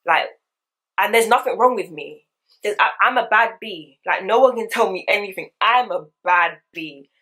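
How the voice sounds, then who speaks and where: A woman, chatting candidly in slangy, animated talk for a get-ready-with-me vlog. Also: medium pitch, normal speed. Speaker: vlogger. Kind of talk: casual get-ready-with-me chat.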